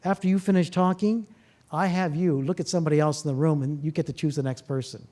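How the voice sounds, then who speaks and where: A man's voice: on the high side, fast. A man, a therapist, giving a public talk to a live audience, telling stories and asking the listeners rhetorical questions. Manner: acts out dialogue in lively voices.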